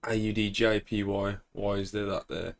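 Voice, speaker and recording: Chatty man reviewing charts. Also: lowish voice. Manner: relaxed, chatty, self-congratulating, many ums and throat clearing. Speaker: forex trader. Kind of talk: casual screen-share market commentary.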